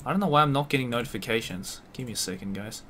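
Young male streamer, bright forceful voice, swears, mutters then yells, faint room hum behind. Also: medium pitch, rapid-fire. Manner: swears a lot, talks to himself, yells in frustration. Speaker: streamer playing a horror game. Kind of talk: live gameplay commentary.

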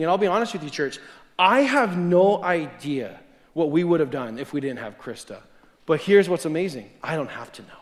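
Animated male preacher in a reverberant sanctuary. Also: a little high. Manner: conversational and animated, chuckles mid-sentence. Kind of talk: sermon told as a personal story. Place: church sanctuary. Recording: long hall reverb.

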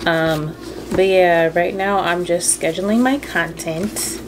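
This young SoCal woman gives an easygoing chat to camera in her home, greeting viewers as friends with "girl" and "y'all." Her voice is slightly low, steady, and unhurried, and the stand-mounted camera's audio clearly carries household noise.

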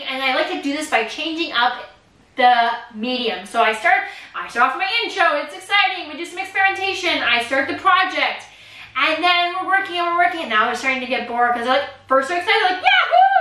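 A woman in her thirties teaching from her art studio, bubbly and animated, squealing excitedly when she imitates kids. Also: high-pitched. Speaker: art teacher and course host. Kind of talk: energetic teaching vlog. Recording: roomy, slightly distant camera audio.

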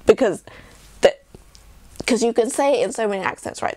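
A woman's voice: on the high side, moderate pace, pauses often, a little mellow, dry recording. A young English woman vlogging in a rambling, self-deprecating casual chat. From England. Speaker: YouTuber.

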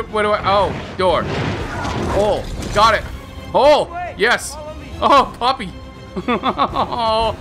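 A man in his thirties streaming a video game, talking candidly and rambling, trailing off, then bursting into high excited reactions at the game. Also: slow pace, long pauses, music in the background. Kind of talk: casual let's-play commentary.

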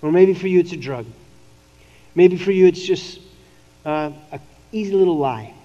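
A man's voice: high voice, normal speed, warm tone. A man preaching a sermon as a pastor, in a casual, conversational way, slipping into playful voices for the people in the story. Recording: dull lo-fi audio with long hall reverb.

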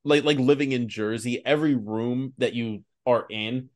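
A man co-hosting a podcast in casual chat, animated, acting out the people in his stories. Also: mid-range voice, normal speed. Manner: animated storyteller, acts out quoted people. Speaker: podcast co-host.

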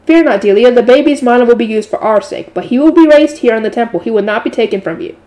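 A woman reading aloud and voicing a smug, scheming old male bishop who speaks with false gentleness. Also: a little high, expressive, quick pace, natural voice. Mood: falsely gentle.

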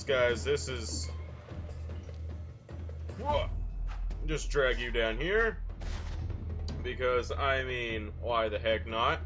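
Goofy, slow-talking young man gaming. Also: mid-range voice, a bit bright, muffled recording. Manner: goofy, with silly mild exclamations. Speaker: gameplay video host. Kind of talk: casual let's-play commentary.

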